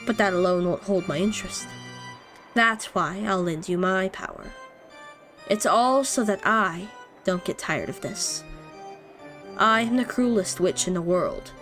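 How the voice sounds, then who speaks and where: A woman reading aloud as a cruel, aloof female witch, calm and quietly taunting. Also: medium pitch, measured pace, soft background music, close to an everyday voice. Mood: coolly taunting. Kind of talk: reading game dialogue aloud.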